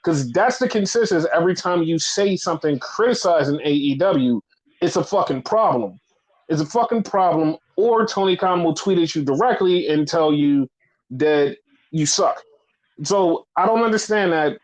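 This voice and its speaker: A man's voice: fairly high pitch, expressive, moderate pace, rough recording. A man co-hosting a casual wrestling podcast, ranting with lots of swearing and repetition. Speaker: podcast co-host.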